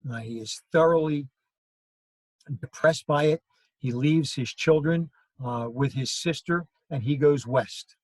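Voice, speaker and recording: A man's voice: fairly high pitch, unhurried, dry recording, rough recording. A male history teacher giving a classroom lecture, telling stories and acting out quoted lines. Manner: storytelling, acts out quoted lines.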